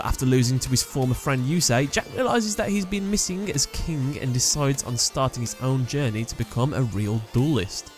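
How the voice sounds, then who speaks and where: A man hosting a video, reading out character trivia in a plain, matter-of-fact way. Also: mid-range voice. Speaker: host. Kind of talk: scripted narration of character trivia.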